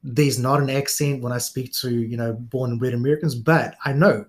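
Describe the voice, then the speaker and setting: Middle-aged New Zealand man, relaxed guest storyteller, mid-range voice. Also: mid-range voice, normal speed. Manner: relaxed storyteller, frequent fillers and laughs. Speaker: guest police officer. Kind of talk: casual interview chat.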